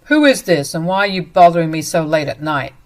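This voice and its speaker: A woman reading as a cruel young husband caught in his lies, dismissive and stammering. The voice sits a little low. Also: lively intonation, brisk. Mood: defensive.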